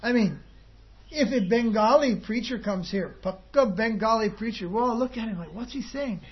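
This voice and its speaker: A man's voice: high voice, moderate pace, husky. A man giving an informal devotional talk to a group, rambling and conversational with chuckling asides. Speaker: spiritual teacher. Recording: dull lo-fi recording with faint ambience.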